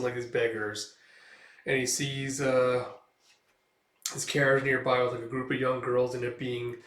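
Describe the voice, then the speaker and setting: A young man casually hosting a comic read-through, chatty and rambling with lots of fillers. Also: medium pitch. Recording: roomy, distant mic.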